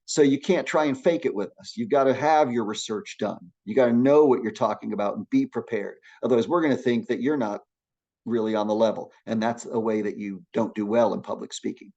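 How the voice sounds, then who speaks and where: A middle-aged man teaching a public speaking class, lecturing in an energetic, encouraging way with frequent restarts. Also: medium pitch, fairly quick, highs cut off.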